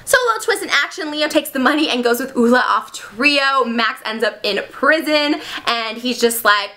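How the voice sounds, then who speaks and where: Brief: twenties female vlogger, high bright voice, animated recap with impressions. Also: a little fast. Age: 20s. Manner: animated, slips into character voices and sung bits. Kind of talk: casual movie recap.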